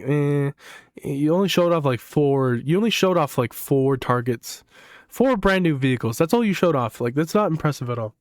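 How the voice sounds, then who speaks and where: A young man reacting to videos in a casual, rambling way, his pitch swinging up and down as he gets hyped. He swears freely and fills his talk with "like." His voice sits a little higher than most men's and sounds dry and close to the mic. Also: dry recording. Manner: excitable, swears, rambles with lots of "like". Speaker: gaming YouTuber.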